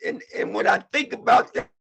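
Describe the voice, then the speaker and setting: At a panel, a man with a slightly bright voice speaks a little fast as he gives an impassioned personal testimony. He repeats himself and often says "man".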